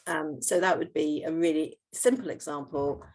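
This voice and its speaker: A woman's voice: deep voice, normal speed, darkish tone. A middle-aged woman, a homeopath, explaining her work patiently in an interview, with many fillers and restarts.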